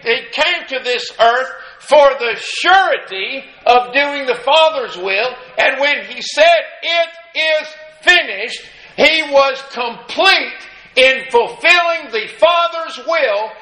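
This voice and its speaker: A man's voice: very high-pitched, lively intonation, slow pace, sharp tone, echoey room, low-quality recording. A man preaching a sermon, impassioned and repetitive, with emphatic refrains and many restarts.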